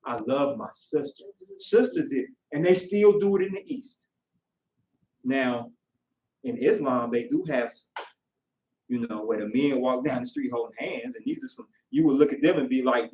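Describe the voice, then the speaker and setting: A man preaching a sermon in casual, conversational speech, lively as he acts out voices. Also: mid-range voice, normal speed. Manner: animated, acts out quoted voices. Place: worship hall. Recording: echoey room, voice from far off.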